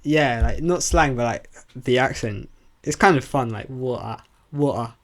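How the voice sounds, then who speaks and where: Young male co-host, casual and hesitant, plenty of fillers. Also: mid-range voice. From southern England. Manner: halting, full of likes and restarts. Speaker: podcast co-host. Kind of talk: casual chat.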